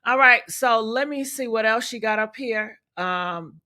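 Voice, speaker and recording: Woman streamer going off to chat, super bright voice, cussing and blunt. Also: on the high side, a little slow. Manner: blunt, profane, talks to chat. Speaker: livestream host. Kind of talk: livestream commentary.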